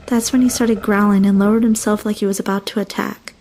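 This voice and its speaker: A woman narrating a first-person horror story in a hushed, slow, tense storytelling manner. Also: mid-range voice, steady tone, a little hiss or hum.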